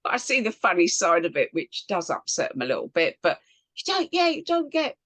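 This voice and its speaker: A woman from England hosts a casual interview over a video call. Her pitch swings a lot as she tells stories in an animated, chatty way. The sound is dry, with no room echo. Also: a little fast. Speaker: host.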